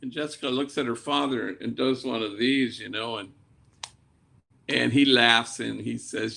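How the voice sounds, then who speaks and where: Gravelly, bright-voiced storytelling priest. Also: male voice, mid-range voice, fairly even intonation, a little slow. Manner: conversational, tells a moving story with gentle humor and Spanish slang. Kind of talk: storytelling talk. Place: remote talk.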